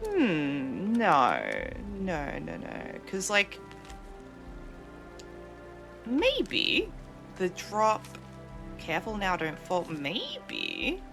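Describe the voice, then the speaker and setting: A woman's voice: lowish voice, sing-song, drawn-out words, creaky. Chatty woman streamer over game music. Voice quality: chatty and self-deprecating, thinking aloud. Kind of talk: casual live-stream commentary.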